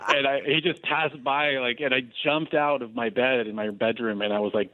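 A man telling his personal story as an interview guest, earnest and animated, with frequent restarts. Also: medium pitch, normal speed, no echo. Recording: dry tinny phone-like line.

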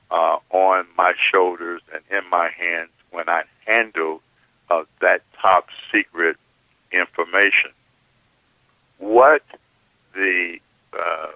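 A man giving political commentary as a guest, halting and often repeating his words. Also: low-pitched, dry recording, narrow, tinny audio.

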